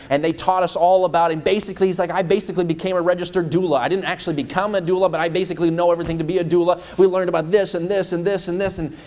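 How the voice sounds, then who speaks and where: A young male evangelist tells a personal story from the pulpit in a slightly high voice. He speaks conversationally and pokes fun at himself, speeding through some phrases and slowing down on others for weight. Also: darkish tone. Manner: storytelling, conversational, self-deprecating. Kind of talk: sermon.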